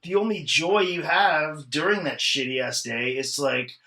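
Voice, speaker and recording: Bright-sounding guy on a podcast, rambling and swearing a lot, casual. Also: a little high, normal speed, vocal fry, rough recording. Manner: loose, profane storytelling full of "like". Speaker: podcast guest. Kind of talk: casual chat.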